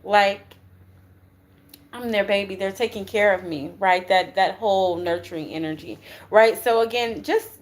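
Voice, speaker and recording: A woman's voice: medium pitch, normal speed. A woman giving a casual spiritual tarot reading, chatty and slangy, often checking in with "right?" and throwing in curse words. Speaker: tarot reader.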